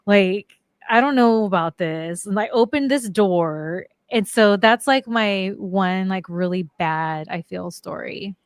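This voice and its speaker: A woman's voice: mid-range voice, slow, clear, resonant tone, no room sound. A middle-aged woman, a guest on a talk show, telling personal stories casually, full of "like" fillers. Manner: chatty, many "like" fillers. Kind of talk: casual storytelling interview.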